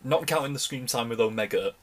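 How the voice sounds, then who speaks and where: A man's voice: mid-range voice, fast talker. A young man giving a casual, rambling reaction commentary, often restarting his sentences as an enthusiastic fan. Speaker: reaction video host.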